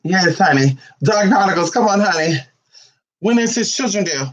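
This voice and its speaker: A man vlogging casually from home, sassy and profane, cooing baby talk at his dog, his voice a little hoarse. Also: high-pitched, animated, normal speed, lo-fi sound. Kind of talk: casual chat to camera.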